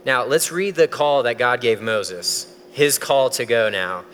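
A pastor with a mid-range, slightly bright voice delivers a sermon a little slowly, with a faint hiss or hum in the audio. He speaks casually and animatedly, acting out voices whenever he quotes someone, and a long hall reverb surrounds the recording.

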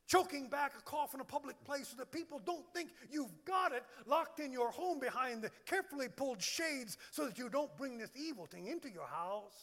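High, lively pastor preaching in a reverberant hall. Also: male voice. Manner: emphatic, lists words one by one. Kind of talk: sermon.

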